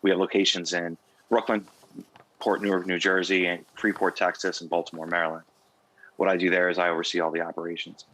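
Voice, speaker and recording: A young American man, an award honoree, answering interview questions in a measured, businesslike way. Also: deep voice, flat delivery, a bit bright, rough recording. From United States. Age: young adult. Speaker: award honoree, port operations manager.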